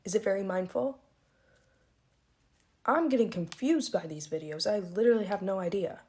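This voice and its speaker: Confused woman ranting casually to the camera, average pitch. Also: lively intonation, normal speed, darkish tone. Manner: puzzled, exasperated. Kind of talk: casual vlog talk.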